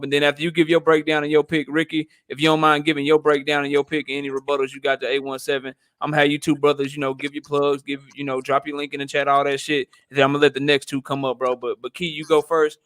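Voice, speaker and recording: A man hosting a casual online panel chat, a relaxed, slangy moderator handing out turns to the speakers. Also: fairly high pitch, quick pace, few pauses, clear, resonant tone, dry recording, clean studio sound. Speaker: host.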